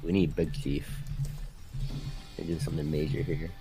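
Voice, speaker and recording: Deep-voiced man casting a card game. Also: level tone, normal speed, music in the background. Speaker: esports caster. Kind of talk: casual live game commentary.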